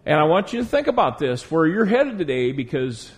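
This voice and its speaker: Seorang pria berkhotbah dengan tegas, suara agak tinggi. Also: male voice, on the high side, big pitch swings. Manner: emphatic, stretching key words slowly. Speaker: pastor. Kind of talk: sermon. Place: church before a congregation.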